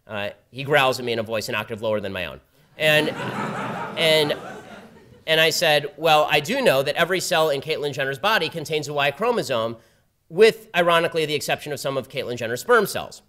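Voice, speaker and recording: Campus guest speaker, male; brisk, sardonic storyteller with a slightly high pitch. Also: lively intonation, bright, forceful tone. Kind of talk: public talk with a told anecdote. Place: university event before a live audience.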